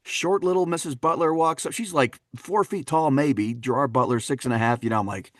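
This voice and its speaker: Animated man with a lively voice. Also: fairly high pitch, moderate pace, few pauses, dry recording, clean studio sound. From Wisconsin, USA. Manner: animated, laughing, fond of voicing characters. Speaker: dialect coach, guest. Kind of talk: anecdotal storytelling in a podcast interview.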